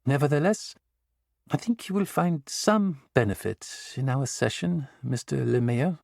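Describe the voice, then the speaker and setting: A man's voice: on the high side, big pitch swings, unhurried, gravelly, darkish tone, dry recording, studio quality, pitched above the performer's own voice, full character voice. A man voicing a poised, disarming female psychologist in her late thirties in an audiobook. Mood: brisk.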